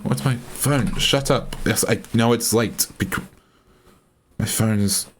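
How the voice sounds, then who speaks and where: An Australian man chats on a live game stream in a loose, rambling way. He restarts his sentences often and thinks out loud, speaking in a mid-pitched male voice. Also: takes it slowly, slightly rough. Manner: rambling, self-interrupting, chatty. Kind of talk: casual live-stream chat.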